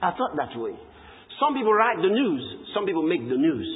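A man's voice: high-pitched, very animated, a little fast, a little hiss or hum. A man preaching a sermon, emphatic and repetitive, breaking into exclamations of praise. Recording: tinny lo-fi hall recording.

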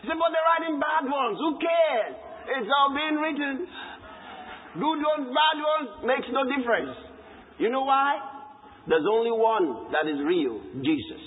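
A man's voice: very high voice, expressive, unhurried, a little hiss or hum. A man preaching a sermon, emphatic and repetitive, breaking into exclamations of praise. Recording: tinny lo-fi hall recording.

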